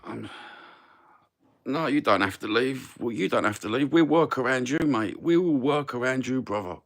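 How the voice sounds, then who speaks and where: A man's voice: medium pitch, expressive, moderate pace. An older man with a Cockney London accent hosts a casual live chat and answers viewers in a rambling, friendly way, often saying "mate" and "brother". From England. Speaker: live stream host.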